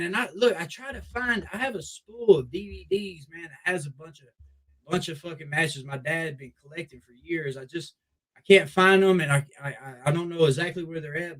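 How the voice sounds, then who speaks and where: A young man, a wrestler, telling a long story in a casual, profane, animated way with many restarts. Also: on the high side, low-quality recording. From Memphis Mid-South area. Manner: profane, animated, repeats "I was like". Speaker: wrestler guest.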